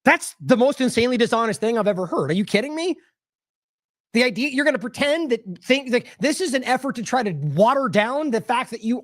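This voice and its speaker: A sarcastic man talks over news clips in a casual, exasperated way. His voice sits fairly high and swings widely in pitch. He is recorded close and dry, with no room sound. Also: no echo. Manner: exasperated, sarcastic, scoffing laughs. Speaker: independent news show host. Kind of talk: casual commentary on played clips.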